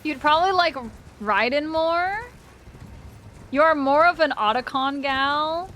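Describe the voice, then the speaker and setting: A woman with a high voice chats unhurriedly with her viewers while she plays a game live. She is blunt and swears freely. She laughs often and speaks straight to her chat. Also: a little slow, a bit bright, a little hiss or hum. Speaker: game streamer. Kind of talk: casual live-stream chat while gaming.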